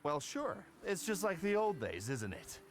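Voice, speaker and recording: Game gang boss: gruff, loyal, middle-aged, animated delivery. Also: male voice, a little high, measured pace, a little hiss or hum. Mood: jovial. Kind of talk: video game voice acting.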